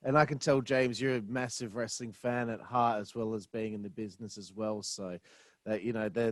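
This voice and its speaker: A man's voice: lowish voice, steady tone, moderate pace, no room sound. A male podcast co-host reacting to the guest with emphatic enthusiasm. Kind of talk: casual interview chat.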